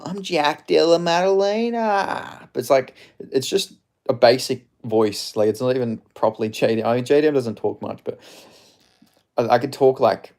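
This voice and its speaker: This man speaks at a medium pitch with a somewhat dark tone and an Australian accent. He's a streamer rambling loosely through viewer comments, casually swearing and packing his speech with filler words.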